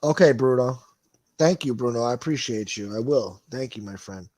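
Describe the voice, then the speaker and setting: A man's voice: mid-range voice, normal speed, a little mellow, no echo. A man hosting a livestream, reading viewer comments and chatting in a rambling, profane way. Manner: rambling, swears a lot, laughs. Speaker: livestream host reading chat. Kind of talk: casual profane chat.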